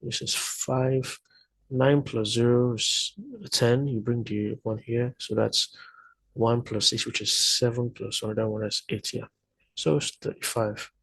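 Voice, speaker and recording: Husky man working through sums. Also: mid-range voice, flat delivery, unhurried, a bit bright, no echo, low-quality recording. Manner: thinking aloud, hesitant, self-correcting. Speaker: math tutor. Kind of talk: explaining math problems step by step.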